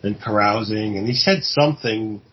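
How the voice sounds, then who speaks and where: A man's voice: lowish voice, moderate pace, lo-fi sound, a little hiss or hum. A man co-hosting a podcast, casually retelling a film plot with many fillers and restarts, now and then acting out the lines. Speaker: podcast co-host.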